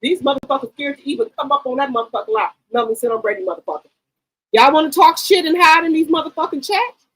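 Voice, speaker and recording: A woman hosting a gossip channel, giving casual, loud, profane commentary on reality TV and talking straight to her chat. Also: high voice, fast talker, low-quality recording. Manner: loud, profane, emphatic hype.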